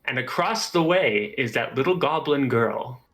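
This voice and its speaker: A man serves as game master and narrates a tabletop game in an easygoing way. His voice is bright, and he stops now and then with fillers. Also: mid-range voice, lively intonation, a little slow, rough recording.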